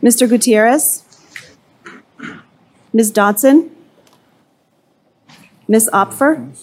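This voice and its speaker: A woman clerk calling the roll at a board meeting, reading names and titles briskly and evenly. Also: a little high, a little mellow. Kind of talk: formal roll call.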